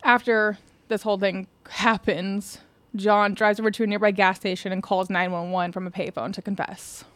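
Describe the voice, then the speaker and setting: A woman's voice: mid-range voice, little pitch movement, normal speed, a bit bright, no echo. Chatty woman retelling a true crime. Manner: chatty, laughs often, swears casually. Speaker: podcast co-host. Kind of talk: casual true-crime chat.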